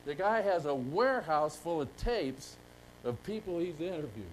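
A man's voice: a little high, animated, normal speed, slight background noise, poor audio. An older man speaking at a conference, telling rambling folksy stories to a live audience. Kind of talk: storytelling talk to a live audience.

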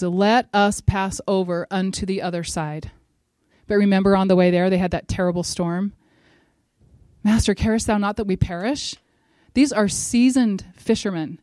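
A middle-aged woman gives a devotional talk at a church gathering. She speaks earnestly and presses her points with building force. Her voice sits at an ordinary pitch and is recorded dry, with almost no room sound. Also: fairly even intonation, moderate pace, dry recording. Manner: earnest and emphatic, rising to forceful exhortation.

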